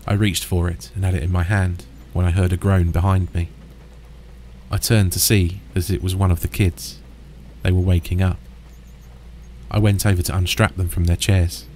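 A man narrating a first-person horror story in a steady, understated, deadpan way. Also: low voice, moderate pace, a little hiss or hum.

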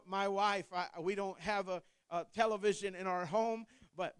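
Speaking in a very high, crisp voice, an Ohio pastor in his thirties starts his sermon with rambling, conversational storytelling marked by frequent restarts and fillers, then turns to fervent preaching. The audio is close-miked and dry, without room echo.

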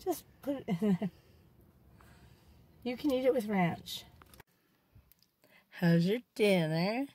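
A woman's voice: mid-range voice, expressive, takes it slowly, pauses often, warm tone, breathy edge. A mother chatting playfully and upbeat in a casual family vlog, recorded in a parked car. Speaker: vlogger and mother.

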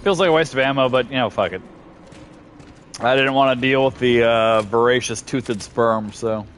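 A man's voice: mid-range voice, normal speed, a bit bright, a little hiss or hum. A man streaming a horror game live, talking it through in a put-on English accent, swearing freely and chatting to the monsters. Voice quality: mock Cockney-style voice, swears freely, talks to himself and the monsters. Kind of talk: live gameplay commentary.

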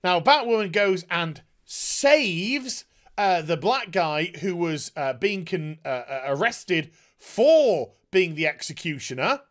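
Sarcastic male reviewer, exasperated and sweary, very animated delivery. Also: high-pitched, slow pace. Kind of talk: ranting show review.

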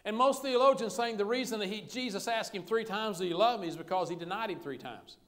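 A pastor preaches in a relaxed, joking, conversational manner. His voice sits high for a man. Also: fast. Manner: folksy, conversational preaching with humor. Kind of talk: sermon.

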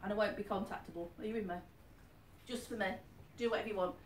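A woman's voice: mid-range voice, steady tone, fast. A woman working as a psychic medium, giving a chatty live reading to an audience and often asking if they follow. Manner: chatty, keeps asking "are you with me?". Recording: echoey room, distant mic, faint noise.

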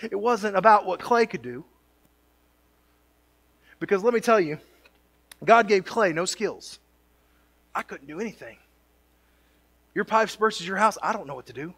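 A man preaches from the pulpit in a high-pitched, bright, ringing voice. He mixes self-mocking jokes with passages that climb to emphatic peaks. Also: animated, a little slow, long pauses, breathy edge. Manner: jokey asides, builds to emphatic peaks. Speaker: pastor. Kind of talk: sermon. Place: church sanctuary.

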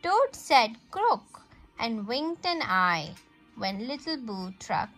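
A woman reads a picture book aloud to her child, making the animal sounds as she goes. Her voice sits a little high and she takes it very slowly, with faint music playing underneath. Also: sing-song, a bit bright. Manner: slow, sing-song, with animal sounds. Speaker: parent reading to a child.

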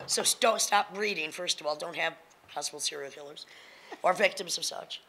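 A woman's voice: low-pitched, a little fast, sharp tone, poor audio. A woman in her fifties speaking on a panel, blunt, emphatic and confrontational, with plenty of profanity. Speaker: panelist and spoken word performer. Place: lecture hall panel with audience.

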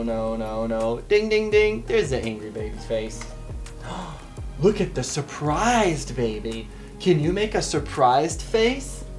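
A woman's voice: extremely low pitch, darkish tone. A woman hosting a children's bedtime story show, reading picture books aloud in a playful, encouraging way that invites the listener to join in.

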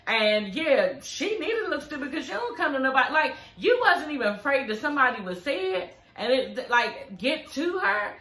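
Sassy woman recap vlogger, profane and chatty, bright voice, echoey room. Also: high-pitched, sing-song, moderate pace, few pauses. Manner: sassy, profane, chatty, addresses viewers as y'all. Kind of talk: casual recap commentary.

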